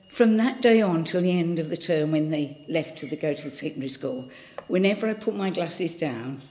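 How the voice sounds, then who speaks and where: An elderly woman in her eighties with a low, deep voice and a faint Birmingham accent. She tells chatty, rambling stories, full of ums and restarts. She is giving a thought for the day. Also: darkish tone. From Birmingham, England. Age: 80s. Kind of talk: casual anecdotal talk.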